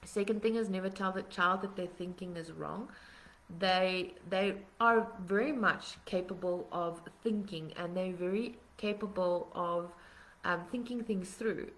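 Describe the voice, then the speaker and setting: Woman host of a live parenting workshop, low voice, earnest, walks through points one by one. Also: a little slow, a bit bright, rough recording. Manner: earnest, explanatory, steps through numbered points. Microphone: webcam or phone on a live stream.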